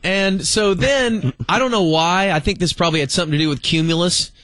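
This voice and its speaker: A man, hosting a radio show and telling a story in a lively, laughing way. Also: sits high, a little fast, dry recording. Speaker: radio host. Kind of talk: casual radio chat.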